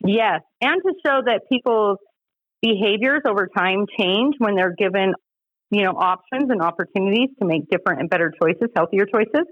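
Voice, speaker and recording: A woman in her forties with a Utah accent, a podcast guest telling stories in an animated, laughing way. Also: mid-range voice, moderate pace, dry recording. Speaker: podcast guest, harm reduction director. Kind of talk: casual storytelling chat. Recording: slightly dull dry podcast audio.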